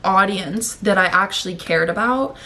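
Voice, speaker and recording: A woman's voice: mid-range voice, moderate pace, sharp tone. A young woman vlogger talking casually to camera, out of breath and sore-throated, rambling, swearing and getting worked up. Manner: rambling, profane, emotional.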